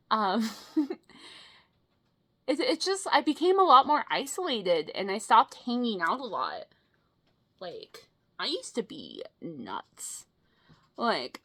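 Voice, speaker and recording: On a laid-back vlog, a woman in her twenties with a mid-range voice tells a meandering personal story. Her delivery is lively and peppered with fillers and quick curses.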